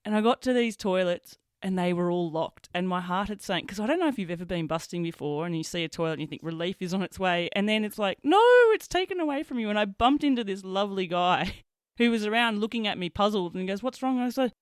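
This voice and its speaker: A woman's voice: mid-range voice, quick pace, clean tone, dry recording, studio quality. A woman hosting a casual interview, telling anecdotes and laughing often. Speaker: podcast host.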